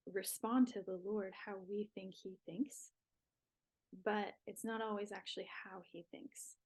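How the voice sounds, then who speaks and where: Gravelly, breathy young woman sharing lessons. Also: mid-range voice, poor audio. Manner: reflective, talks with her hands. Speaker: podcast guest. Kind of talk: casual faith talk.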